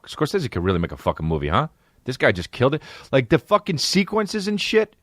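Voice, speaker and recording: A man's voice: on the low side, a bit bright, dry recording, clean studio sound. A man hosting a podcast, rambling through a profane, comedic rant.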